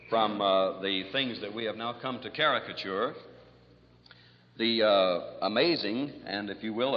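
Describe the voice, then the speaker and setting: Man lecturing in a dull, roomy hall. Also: on the low side. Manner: rambling, many fillers, tells jokes with acted voices. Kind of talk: recorded lecture. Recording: distant hall, dull archival lo-fi recording.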